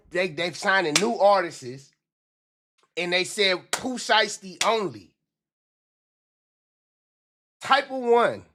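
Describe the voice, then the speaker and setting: A man ranting on a livestream with loose, animated, repetitive talk, often slipping into mock voices. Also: sits high. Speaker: livestream commentator.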